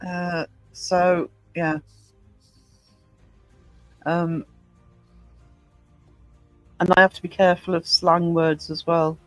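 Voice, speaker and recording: A woman from Northumberland with a soft Northumbrian English accent, chatting casually as a podcast co-host, blunt and quick to swear. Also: lowish voice, flat delivery, no echo, faint music behind, low-quality recording. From Northumberland, England. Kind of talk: casual chat.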